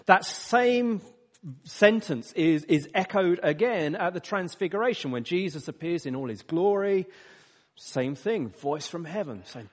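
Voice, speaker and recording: A man preaching a sermon, swinging from emphatic rises to quiet, lower asides. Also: unhurried, big-room sound. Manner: animated, emphatic rises and drops.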